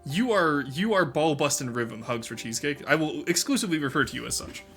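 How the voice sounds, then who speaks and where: A young man with a fairly high-pitched, brisk voice chats casually with his live-stream viewers, faint music in the background. He's animated, laughs often, and talks directly to chat.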